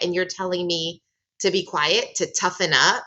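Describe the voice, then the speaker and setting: Emphatic woman with a bright voice. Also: lowish voice, normal speed, dull audio. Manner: emphatic, repeats phrases for stress. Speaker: lecturer. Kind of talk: casual lecture.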